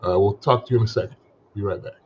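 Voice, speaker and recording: A man's voice: fairly low pitch, very fast, a little hiss or hum. Laid-back male podcast host, lo-fi sound. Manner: relaxed, rambling recaps with filler words. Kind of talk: casual movie discussion.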